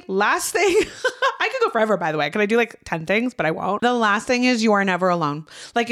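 A woman's voice: mid-range voice, fairly bright tone. A woman co-hosting a casual podcast, earnest and heartfelt, swearing freely. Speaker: podcast co-host.

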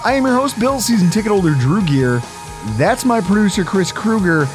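A man's voice: sits high, animated, brisk, over music. A man hosting a casual sports podcast, bantering and teasing his co-host in a playful way.

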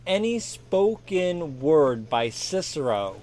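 A man guest on a casual gaming podcast, speaking in an unhurried, dry way. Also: fairly high pitch, sing-song, darkish tone. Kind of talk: casual chat.

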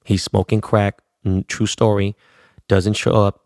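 A man's voice: lowish voice, little pitch movement, a little slow, darkish tone, dry recording, studio quality. A middle-aged man from Los Angeles telling a rambling story in casual, slangy talk, swearing constantly.

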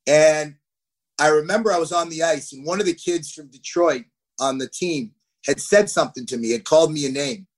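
A man in his thirties, a hockey player telling stories as a podcast guest, animated and acting out what people said. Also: a little high, moderate pace. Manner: animated, acts out quotes. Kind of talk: podcast interview, storytelling.

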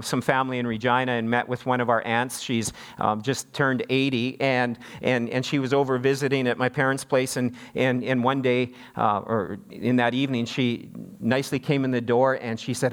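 Male pastor from Canada, slightly high voice, chatty sermon delivery, stumbles and repeats words. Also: a bit bright. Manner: conversational, repeats words when restarting; mimics others in a raised voice when quoting.

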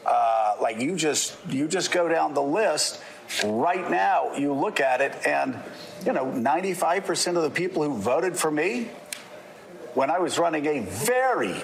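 A man speaking in a measured, reflective way on a TV panel discussion. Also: on the high side, lively intonation, gravelly. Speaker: TV show panelist.

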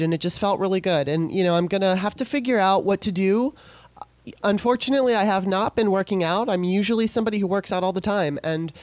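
A middle-aged woman from California hosts a podcast as a loose, emotional monologue, frequently restarting her sentences. Her voice is on the low side with a darkish tone, and there's no room sound.

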